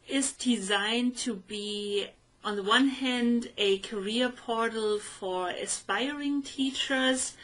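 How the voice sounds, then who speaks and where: A woman hosting a conversational interview, speaking in a measured way and pausing often to search for words. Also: on the high side, fairly bright tone, low-quality recording. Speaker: host.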